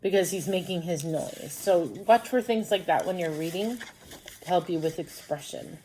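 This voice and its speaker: A woman's voice: fairly low pitch, normal speed, mellow, slight background noise. A woman teaching a first grade lesson by video, patiently explaining reading and math step by step for young children. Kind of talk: recorded distance-learning lesson.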